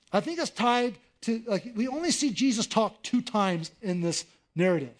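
A middle-aged man preaches in a high, light voice. He talks the way a pastor talks to his congregation, in an easy conversational tone, then pushes into animated emphasis to land his points. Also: normal speed, few pauses. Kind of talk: sermon.

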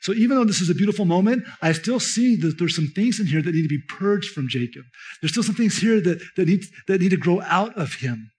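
A man's voice: high voice, animated, fairly quick, a little mellow. A man preaching a sermon, explaining scripture in a conversational, emphatic way and speaking directly to his listeners. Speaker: pastor.

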